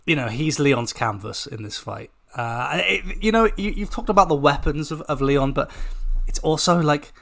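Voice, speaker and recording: A man co-hosting a sports podcast in casual chat, measured and analytical, often breaking off and restarting. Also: on the high side, expressive, gravelly, fairly bright tone. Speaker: podcast co-host.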